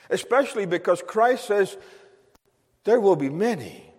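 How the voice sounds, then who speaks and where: A man with a notably high voice delivers an emphatic sermon to his congregation. He repeats phrases for weight, and his words ring out with a long reverb in the church hall. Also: lively intonation, unhurried, pauses often, breathy edge. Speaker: pastor.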